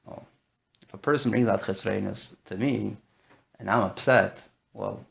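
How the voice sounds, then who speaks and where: A man's voice: on the low side, unhurried, gravelly. A man teaching a discussion-style class, talking animatedly and mixing in Yiddish and Hebrew terms. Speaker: Torah teacher.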